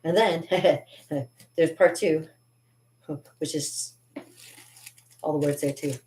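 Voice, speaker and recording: A woman's voice: deep voice, fairly even intonation, slow pace, a little mellow, roomy sound. A woman vlogging about cartooning in a chatty, giggly way, reading her own poetry aloud with theatrical drama.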